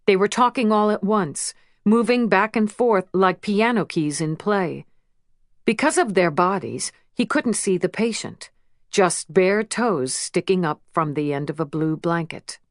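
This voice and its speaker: A woman narrating an audiobook in a measured, emotional first-person reading. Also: lowish voice, dry recording, clean studio sound. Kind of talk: scripted narration.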